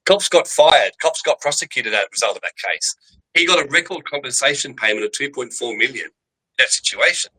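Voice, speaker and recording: A man speaks on a video call with a bright, forward tone. He tells his story emphatically and rambles, restarting his sentences often. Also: medium pitch, lively intonation, fast, slightly rough, rough recording. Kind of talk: animated storytelling in casual chat.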